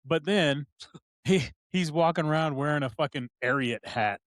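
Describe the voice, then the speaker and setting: A man's voice: on the high side, moderate pace, no echo. Older man with dry, profane quips. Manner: short dry replies, swears freely. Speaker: podcast co-host. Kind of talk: casual chat.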